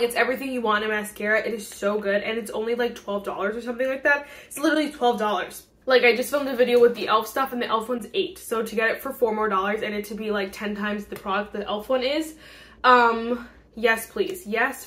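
A woman's voice: a little high, fairly even intonation, fairly quick, fairly bright tone. A young woman vlogging casual beauty product reviews, gushing and bubbly with lots of fillers and laughter, recorded on a phone camera.

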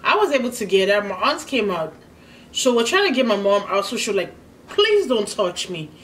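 A Nigerian woman hosts a casual eating vlog, talking in a chatty, storytelling way and stopping to hum over her food. Her voice sits at a middle pitch. The mic is set a little away from her, with a faint noise underneath. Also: big pitch swings, a bit bright. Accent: Nigerian English. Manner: chatty and storytelling, pausing to eat with hums of enjoyment. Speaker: vlogger, host of the channel. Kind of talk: casual mukbang chat while eating. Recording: slightly distant mic with faint background noise.

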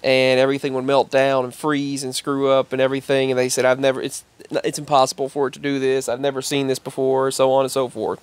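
A man's voice: medium pitch, completely flat delivery, quick pace, few pauses, clear, resonant tone. A man telling a rambling personal story in casual vlog style. He repeats himself and raises his voice when he quotes other people. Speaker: vlogger.

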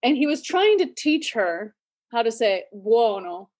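A woman in her forties hosts a casual podcast chat, her voice sitting a little higher than most. She tells stories with energy, throwing in quick asides and laughing often. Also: sing-song, a little mellow. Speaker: podcast host.

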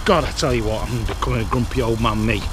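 A man's voice: on the low side, steady tone, fast talker. A middle-aged man with a Yorkshire accent, vlogging his travels in a grumbling, crude, swearing manner. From Yorkshire, England. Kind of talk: casual travel vlog. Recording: loud background noise, outdoors and in car.

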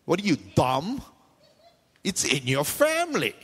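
A man's voice: fairly high pitch, big pitch swings, normal speed, fairly bright tone. A man preaching a sermon as pastor, talking conversationally with joking asides and frequent questions to the congregation. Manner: frequent questions and call-outs to the audience. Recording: long reverb in a hall.

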